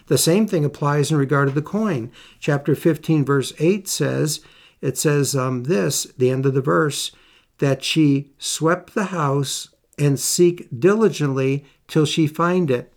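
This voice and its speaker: A man's voice: on the high side, darkish tone. A man preaching a Bible lesson, reading scripture aloud and putting earnest questions to his listeners.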